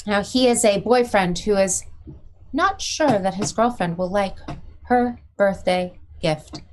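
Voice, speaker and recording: A woman's voice: medium pitch, a little slow, background noise. A woman improvising as a mock-earnest news anchor in a live comedy sketch, often slipping into laughter. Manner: mock-earnest newscaster delivery, breaking into laughs.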